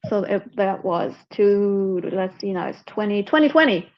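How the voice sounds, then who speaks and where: A woman from Sweden with a Swedish accent, a herpetologist talking casually as an interview guest, chatty and quick to laugh. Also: mid-range voice, expressive, lo-fi sound. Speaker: guest, herpetologist and venomous snake keeper.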